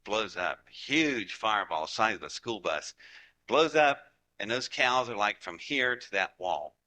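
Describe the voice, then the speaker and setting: A man's voice: on the low side, expressive, moderate pace, sharp tone, rough recording. A man in his forties from Ohio, telling a folksy story to an audience and acting out what people said. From Ohio, United States. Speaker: speaker giving a talk to an audience.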